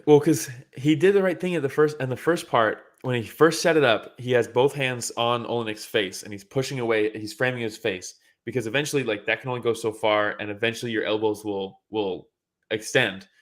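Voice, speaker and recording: A man co-hosting a relaxed podcast about fights. He talks excitedly, laughs a lot and acts out what the fighters said. He swears casually as he breaks down each moment. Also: medium pitch, fairly quick. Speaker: podcast co-host.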